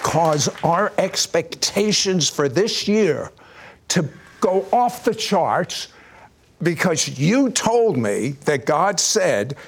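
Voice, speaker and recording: A man hosting a talk show, asking questions in a halting way with frequent restarts. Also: fairly high pitch, sing-song, slightly rough, a faint crowd. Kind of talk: casual interview talk.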